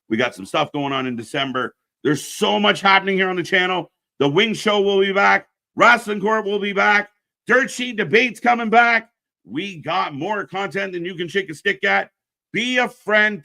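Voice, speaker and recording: Brash, bright-voiced wrestling stream host. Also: male voice. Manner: blunt, ranting, swears freely; pitches channel shows to viewers. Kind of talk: casual live-stream commentary.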